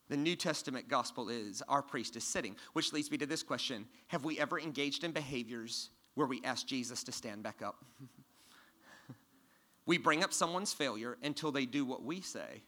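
A pastor with a medium-pitched voice preaches a sermon from a church stage. He puts questions to the congregation and shifts from loud emphasis to hushed tones.

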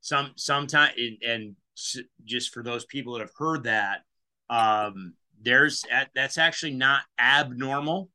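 A man's voice: medium pitch, unhurried, pushed and bright. A man in casual chat, adding short agreeing remarks and brief explanations. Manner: short agreeing interjections, easygoing.

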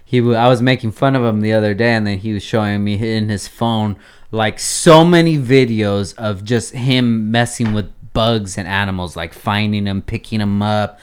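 A man's voice: lowish voice, normal speed, clear, resonant tone. A man hosting a podcast, teasing his guest in slangy casual banter, calling him bro and dude. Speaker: podcast host.

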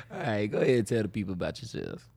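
A man hosting a podcast, joking and laid-back, sometimes slipping into a mock-smooth late-night radio delivery. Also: lowish voice, a little mellow. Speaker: podcast host. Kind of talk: casual podcast chat. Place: podcast studio.

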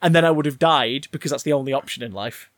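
A man's voice: mid-range voice, quick pace, no echo, clean studio sound. A man, casually ranting and riffing about a film on a podcast, swearing freely. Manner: animated, sweary, rambling. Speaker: podcast co-host. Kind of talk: casual film review chat.

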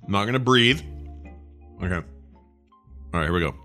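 A man hosting a podcast in casual chat, joking and rambling, now and then shouting for comic effect. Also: on the low side, animated, moderate pace, soft background music. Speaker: podcast host. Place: studio, chewing jerky on air.

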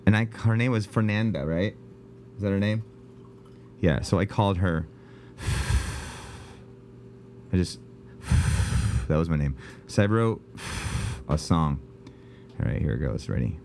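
A man's voice: low-pitched, normal speed, long pauses, a little mellow, a little hiss or hum. A man hosting a podcast in a casual, rambling, jokey way, talking from home. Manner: rambling, jokey, self-interrupting. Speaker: podcast host. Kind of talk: casual comedic chat. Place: home, indoors.

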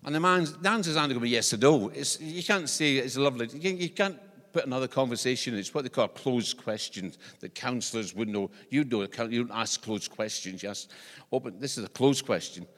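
Scottish preacher in a reverberant church. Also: male voice, medium pitch, brisk. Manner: animated, conversational, joking asides. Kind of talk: sermon. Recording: long church-hall reverb.

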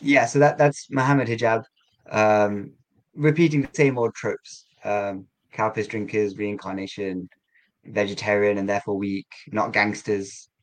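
Low-voiced man giving a measured interview. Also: fairly even intonation, low-quality recording. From England. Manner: measured, halting, many fillers and restarts. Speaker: guest, community coordinator. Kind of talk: conversational interview.

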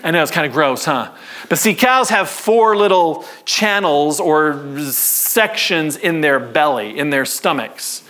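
A man preaching a sermon to his congregation in a church, conversational and animated, with call-and-response. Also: fairly high pitch, a little slow. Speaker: pastor.

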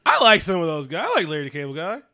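Smooth-voiced man telling stories with profane humor. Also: a little high, sing-song, rapid-fire, sharp tone. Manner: profane, laughing storyteller. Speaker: podcast co-host. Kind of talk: casual chat.

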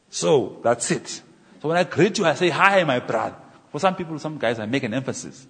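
Husky preacher in a reverberant hall. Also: male voice, on the high side, a little fast. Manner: animated, builds to emphatic near-shouts. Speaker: minister. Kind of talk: sermon. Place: church hall.

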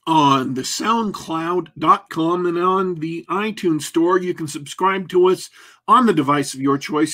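In a fairly high, fairly bright voice, a man wraps up his podcast as co-host. The casual sign-off is rambling, jokey, and self-mocking.

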